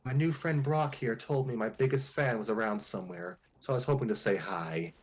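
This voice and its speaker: A man voicing a poised adult woman trainer with a cool, deep, commanding voice. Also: a little fast, husky, natural voice.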